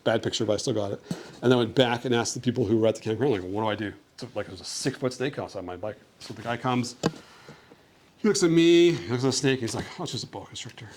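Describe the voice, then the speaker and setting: This young Canadian speaks fast in a medium-pitched, slightly mellow voice against faint background noise. In a relaxed talk and Q&A with kids at school, he cheerfully recounts his travels, sprinkling in lots of "like."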